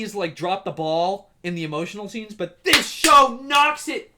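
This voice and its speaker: A young man in his twenties hosting a casual solo podcast, gushing excitably and swearing as he talks. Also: sits high, measured pace. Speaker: podcast host.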